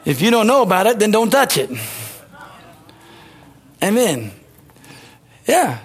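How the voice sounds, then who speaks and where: A man preaching a sermon as pastor, folksy and animated, with sudden rises in pitch. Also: takes it slowly.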